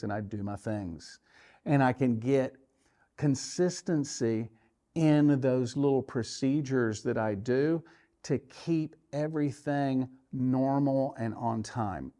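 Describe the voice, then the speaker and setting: A man's voice: mid-range voice, mellow. A man, an archery coach, telling a tournament story and coaching the listener, acting out his own inner voice as he goes.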